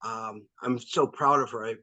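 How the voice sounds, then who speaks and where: Bright, candid man in a dry recording. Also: mid-range voice, fairly even intonation, dry recording, poor audio. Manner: warm, candid, pausing with ums. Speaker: actor and guest. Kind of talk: casual interview.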